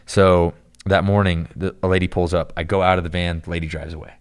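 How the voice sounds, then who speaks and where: A man's voice: low voice, flat delivery, fairly quick, clean tone. A young man on a podcast, telling a long story in a loose, rambling way, full of "like" and "dude.". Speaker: podcast guest. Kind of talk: casual storytelling chat.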